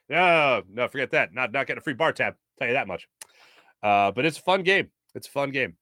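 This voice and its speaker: A man's voice: medium pitch, expressive, brisk, bright, forceful tone, dry recording, clean studio sound. A man hosting a sports talk show, chatting casually with lots of fillers while reading viewer comments. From United States.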